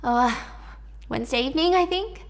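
A woman's voice: high voice, animated, brisk, voice pushed up. A woman voicing a nervous young male employee who stammers and gets defensive.

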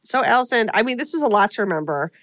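A woman's voice: a little high, quick pace, no room sound, studio quality. A woman co-hosting a podcast, recapping a horror movie in casual chat and acting out the characters' lines. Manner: animated storyteller, acts out quotes. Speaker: podcast co-host.

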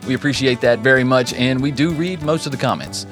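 A man's voice: mid-range voice, brisk, hardly any pauses, fairly bright tone, faint music behind. A man hosting a podcast in a joking, upbeat manner. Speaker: podcast host. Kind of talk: casual podcast chat.

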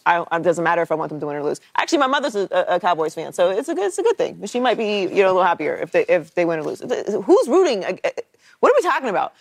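A female sports talk co-host whose voice rises and falls with lively intonation as she reasons through her point. The sound is close and dry, with little room in it. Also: creaky, no room sound. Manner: measured, reasoned argument with lively pitch. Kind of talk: sports debate.

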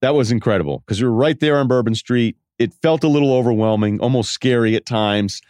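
A man's voice: mid-range voice, brisk, a little mellow, no echo, studio quality. A man hosting a podcast, telling rambling, self-deprecating stories in a casual way. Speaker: podcast host. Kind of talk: casual storytelling monologue.

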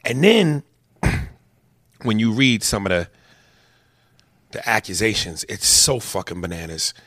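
A man telling a story as a heated, profane rant, swinging between loud outbursts and low muttered asides. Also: lively intonation, slow pace, no room sound, clean studio sound.

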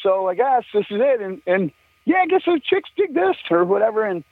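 A man's voice: high-pitched, sing-song, a little fast, slightly rough, no room sound. An older man, a musician guest, telling rambling, profane stories in a casual chat and laughing often. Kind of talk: casual storytelling. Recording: tinny phone line, dry.

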